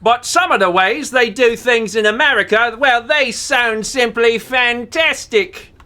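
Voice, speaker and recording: A man's voice: very high voice, unhurried, sharp tone, voice pushed up, heavily acted. Man doing a jolly plummy British gent. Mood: cheerful. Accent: put-on British. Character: chipper British gentleman passenger, cheerful and gossipy.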